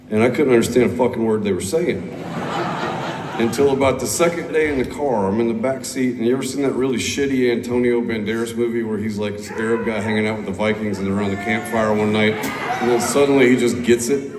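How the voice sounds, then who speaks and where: A man's voice: on the low side, fairly even intonation, fast talker. A man on stage telling a long, rambling, profane story between songs, laid-back and loose. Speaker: musician on stage. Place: large concert hall indoors. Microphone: stage PA recorded by audience phone. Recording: echoey hall, crowd noise, far off.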